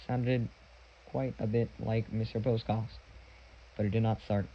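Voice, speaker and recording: A man narrating a children's novel aloud in a plain, even reading with small restarts. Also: fairly low pitch, measured pace, highs cut off, slight background noise. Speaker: audiobook reader. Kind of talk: storybook narration.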